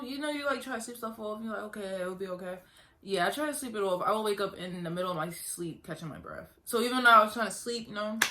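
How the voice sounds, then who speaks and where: A woman's voice: fairly low pitch, bright, forceful tone. A young woman earnestly telling her own story in a casual vlog, talking conversationally and repeating herself. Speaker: vlogger.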